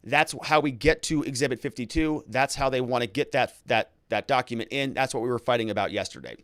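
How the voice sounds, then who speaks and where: A man's voice: medium pitch, fairly quick, fairly bright tone, no echo, clean studio sound. A man who hosts a legal commentary show, talking casually and sarcastically while reading documents aloud. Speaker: lawyer and legal commentary host.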